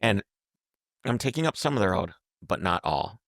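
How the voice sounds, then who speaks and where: A man telling a road trip story in casual podcast chat, animated and acting out the voices of the people he quotes. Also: fairly low pitch, moderate pace, vocal fry, dry recording, clean studio sound. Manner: animated, acts out quotes, repeats and restarts words.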